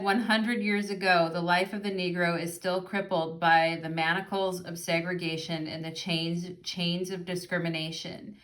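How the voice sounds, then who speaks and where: A woman's voice: fairly low pitch, fairly bright tone. A young adult woman giving a casual pick-a-card tarot reading, chatty and effusive, talking straight to her viewers and reading passages aloud from a guidebook. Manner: chatty and effusive, addresses viewers as "you guys". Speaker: tarot reader.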